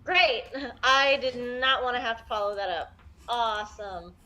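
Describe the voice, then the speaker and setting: Chatty female panelist with a bright voice, relaxed and rambling. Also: a little high, normal speed. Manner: chatty, with fillers and hedges. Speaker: podcast panelist. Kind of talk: casual chat.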